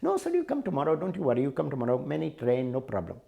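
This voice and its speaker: A man's voice: mid-range voice, huge pitch swings, rapid-fire, gravelly, highs cut off, heavily acted. A man putting on a polite stubborn clerk. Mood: politely insistent. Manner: broken English, soothing and insistent. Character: polite stubborn male railway ticket clerk.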